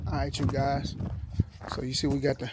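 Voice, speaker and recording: A man's voice: medium pitch, monotone, moderate pace, heavy background noise. A man talking in a laid-back, rambling way for his car vlog, outdoors with dogs barking behind him. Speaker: car vlogger. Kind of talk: casual vlog talk.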